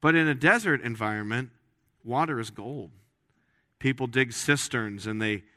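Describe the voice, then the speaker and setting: The man's medium-pitched voice has a sharp tone, captured at studio quality with no echo. As a pastor delivering a sermon in the church sanctuary, he talks conversationally, jokes around, and often begins phrases anew.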